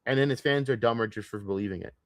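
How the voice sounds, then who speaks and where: A man's voice: mid-range voice, fast, no echo, soft background music. A man streaming his reaction to a video, scornful and swearing heavily as he rants. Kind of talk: profane ranting commentary.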